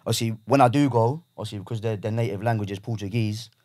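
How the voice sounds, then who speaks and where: A man in his thirties talking quickly in a low voice on a podcast, frank and rambling with plenty of fillers. He sounds like a guest in a studio chat. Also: a little mellow, no echo. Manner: frank, rambling, many fillers like "obviously" and "whatnot". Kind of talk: casual chat.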